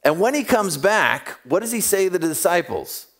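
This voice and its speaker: A man's voice: high voice, sing-song, normal speed. A man preaching a sermon, telling stories with humor and acting out the voices of the people in them. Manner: humorous and self-deprecating. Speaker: pastor.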